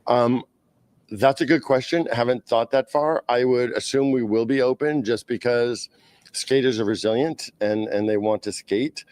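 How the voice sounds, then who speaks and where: A man with a Boston accent, speaking for a skating club at a press conference, pausing often with "uh" and "um". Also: mid-range voice, darkish tone, no echo. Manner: halting, frequent "uh" and "um".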